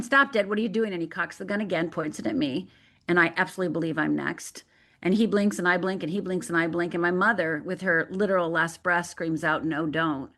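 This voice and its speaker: A woman's voice: on the low side, a bit bright. A woman from Michigan, a life coach and guest on a radio interview, telling a personal story vividly and acting out the voices of the people in it. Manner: vivid, dramatic storyteller who acts out quoted voices.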